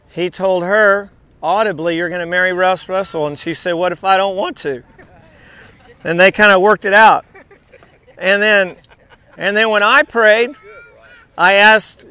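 Man, pastor, conversational sermon, asides, high pitch, crisp bright tone. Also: no echo. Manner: conversational preaching with asides and restarts.

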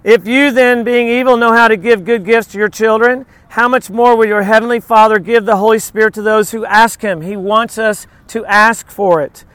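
A man's voice: high-pitched, steady tone, moderate pace, few pauses, a bit bright, clean tone, dry recording. A man preaching a sermon in an earnest, emphatic way, quoting scripture.

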